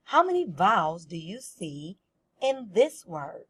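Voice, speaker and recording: Slow, patient woman teaching first graders. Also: fairly low pitch, very animated, breathy edge. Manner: slow, patient, sounding out words for children. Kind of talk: first-grade reading lesson.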